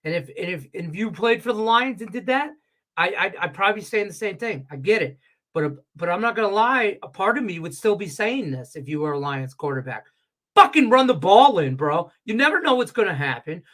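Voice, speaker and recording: On a Las Vegas sports betting talk show, a high-pitched man speaks a little fast in a heated, animated, profane rant. His stuffed sinuses make his voice sound congested, and the whole thing has a casual feel.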